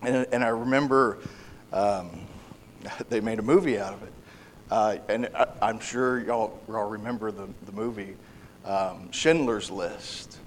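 A man preaching a sermon in an earnest, halting way, often restarting and repeating words. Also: on the low side, slight background noise.

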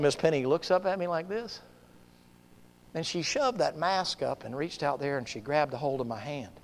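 A man with a Southern US accent, a preacher telling a story in a folksy, humorous way, swinging from hushed to shouting. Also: medium pitch, brisk. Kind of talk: storytelling sermon. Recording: long hall reverb.

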